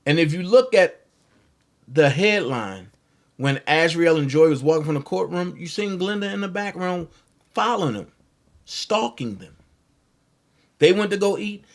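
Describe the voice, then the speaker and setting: A man's voice: on the high side, lively intonation, unhurried, pauses often. Rambling man telling a story on his channel. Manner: rambling, conversational, restarts and asides. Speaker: commentary channel host. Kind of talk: casual livestream storytelling.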